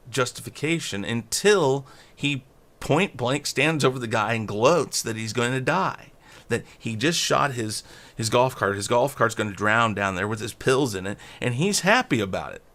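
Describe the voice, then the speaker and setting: A man's voice: on the low side, fairly bright tone. A man co-hosting a movie review show, retelling scenes casually and acting out the characters' lines. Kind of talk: casual film discussion.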